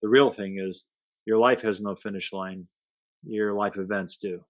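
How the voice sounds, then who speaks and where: A man's voice: lowish voice, fairly even intonation, unhurried, no room sound. A man, a guest in a conversation, talking reflectively in a playful, emphatic way and dropping short aphorisms.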